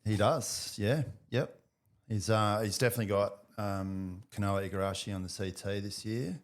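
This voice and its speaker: A man's voice: lowish voice, fairly even intonation, normal speed. A man hosting a surf podcast, jokey and swearing freely in casual banter. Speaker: podcast host.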